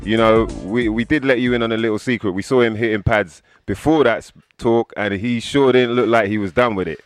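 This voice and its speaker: A man's voice: lowish voice, a little fast, soft background music. A man co-hosting a podcast, talking in a laid-back, slangy way and laughing easily. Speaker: podcast co-host. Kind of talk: casual interview chat.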